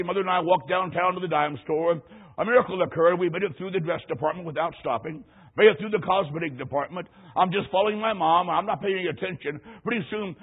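Recorded with the thin, tinny quality of an old radio broadcast, this high, husky-voiced man preaches emphatically. He weaves a personal story into the sermon and keeps climbing toward loud peaks.

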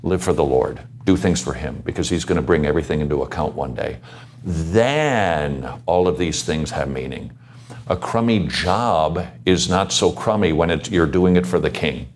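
A man with an extremely low, deep voice talks earnestly to a gathered audience on a Christian panel. He exhorts and asks the room questions. A faint hiss of background noise sits under him. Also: normal speed.

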